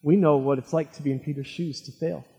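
High husky male preacher in a reverberant hall. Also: fairly even intonation, quick pace. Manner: dramatic retelling, swinging from loud to hushed. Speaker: pastor. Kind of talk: sermon.

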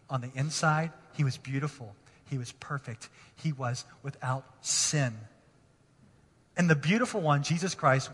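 A man preaching a sermon as pastor in a church, passionate and moving between hushed lines and emphatic ones. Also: on the high side. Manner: impassioned, swinging from hushed to emphatic. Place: church sanctuary. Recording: long reverb of a large hall.

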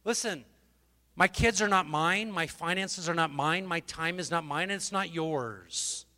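High, fervent male preacher. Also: a little slow, in a large hall. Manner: fervent, exhorting, swings from loud to hushed; emotional, repeats and restarts words. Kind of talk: sermon. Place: festival stage.

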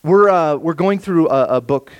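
A man preaching a sermon, reading scripture slowly and softly, then rising for emphasis. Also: a little high, smooth, highs cut off. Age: adult with children. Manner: expressive preaching, slows and softens for scripture, rises for emphasis. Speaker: pastor.

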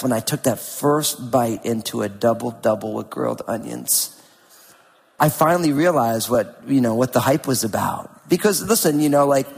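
Pastor, male, middle-aged, from New Jersey; husky voice, chatty storytelling sermon, long hall reverb. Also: on the high side. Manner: casual, conversational, with self-deprecating asides. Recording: long reverb with faint music behind.

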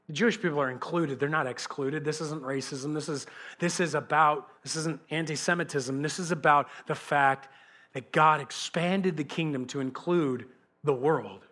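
A man preaching as a pastor, animated and conversational, speaking straight to his congregation. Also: on the high side. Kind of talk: sermon.

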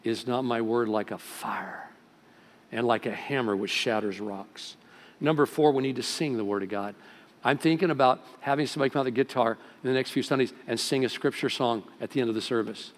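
Man preaching in an echoing hall. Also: brisk. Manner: preaching with sudden rises in volume and pitch. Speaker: pastor. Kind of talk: sermon. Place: church sanctuary. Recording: long hall reverb.

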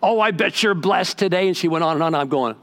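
Animated preacher with a raised voice. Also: male voice, high voice, fast. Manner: animated storytelling with acted-out quotes. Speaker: pastor. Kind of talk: sermon. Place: church sanctuary.

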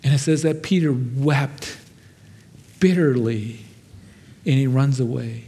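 A man's voice: mid-range voice, slow, mellow, breathy edge. A man preaching as a pastor, telling a story in a conversational, self-deprecating way with many fillers. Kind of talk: sermon. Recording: long hall reverb.

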